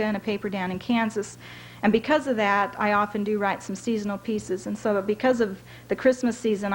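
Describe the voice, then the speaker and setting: A woman author giving a measured public reading of her own fiction at a library event. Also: medium pitch, a little hiss or hum, poor audio.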